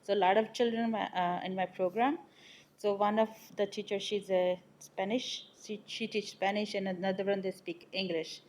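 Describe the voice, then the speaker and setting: Woman preschool teacher, panelist, mid-pitched, hesitant delivery. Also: steady tone, darkish tone, a little hiss or hum. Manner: halting, with many fillers and restarts. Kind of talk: casual panel talk.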